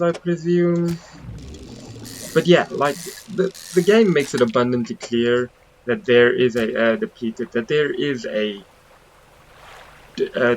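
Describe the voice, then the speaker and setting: A man's voice: mid-range voice, a little hiss or hum, low-quality recording. A man giving casual let's play commentary, chatty and joking, stumbling over words now and then. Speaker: gaming channel host.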